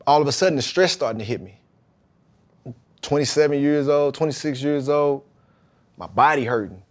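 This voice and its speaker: A man's voice: on the high side, moderate pace. Emphatic man telling his story. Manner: emphatic, animated retelling with acted-out quotes. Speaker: podcast guest, pro football linebacker. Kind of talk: casual storytelling about faith and football.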